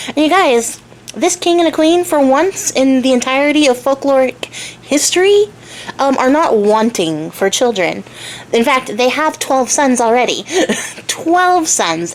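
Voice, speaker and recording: A woman's voice: sits high, a little hiss or hum. A young adult woman hosting a casual storytelling vlog, retelling a folk tale with chatty, irreverent asides. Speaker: storyteller and craft channel host.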